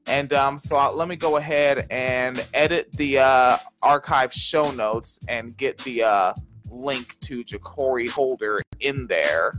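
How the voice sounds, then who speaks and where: A man's voice: mid-range voice, slow pace, fairly bright tone, soft background music. Loose, joking man co-hosting a podcast. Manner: loose, profane, joking, many fillers. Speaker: podcast co-host. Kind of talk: casual chat.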